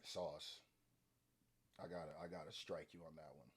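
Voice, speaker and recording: A young man hosting a reaction video, excitable and animated, laughing and swearing as he scores a rap song's lines with points and deductions. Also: very deep voice, normal speed, slightly rough. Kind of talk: casual commentary reacting to a rap song.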